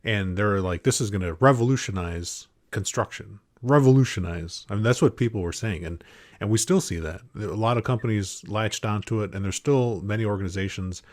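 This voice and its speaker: A man's voice: on the low side, brisk, darkish tone. A man hosting a podcast, chatting with a guest in an upbeat, encouraging way. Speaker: podcast host. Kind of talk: casual interview chat.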